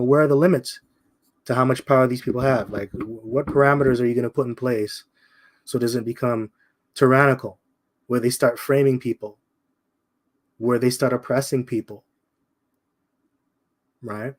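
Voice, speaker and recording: A man giving an informal scripture commentary in a blunt, confrontational way. He keeps calling his listeners "man", repeats his points and slows down to drive them home. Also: mid-range voice, fairly even intonation. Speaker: bible teacher.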